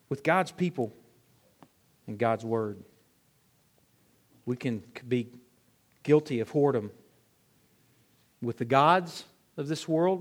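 A man preaching a sermon to a congregation, firing off rhetorical questions and swinging between loud emphatic peaks and low, quiet drops. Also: slow, pauses often. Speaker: pastor.

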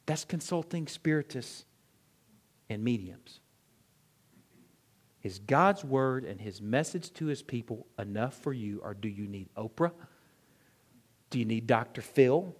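A man preaching a sermon to a congregation, firing off rhetorical questions and swinging between loud emphatic peaks and low, quiet drops. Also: sing-song, unhurried, pauses often, breathy edge. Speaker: pastor.

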